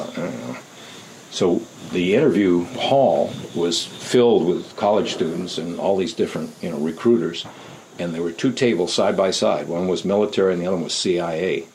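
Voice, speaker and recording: An older man being interviewed, telling rambling, unhurried anecdotes and acting out the voices of people he quotes. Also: deep voice, darkish tone, a little hiss or hum, rough recording. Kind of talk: casual anecdotal storytelling.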